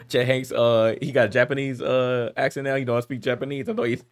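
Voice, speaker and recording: A man chatting casually on a livestream, animated and prone to repeating himself. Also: medium pitch. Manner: animated, repeats himself, quick bursts of laughter. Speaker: streamer.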